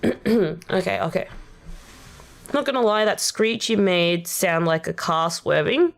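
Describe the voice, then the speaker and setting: This young woman, a VTuber with a general Australian accent, is streaming from home while it rains, loosely explaining her rap lyrics and filling gaps with lots of fillers. She speaks slowly and expressively in a lowish, creaky voice.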